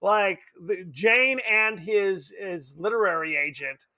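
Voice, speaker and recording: A man from Palm Springs co-hosting a podcast, chatting casually about a horror film, animated and quick to laugh. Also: high voice. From Palm Springs, California. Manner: animated, laughs often, acts out quotes. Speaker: podcast co-host.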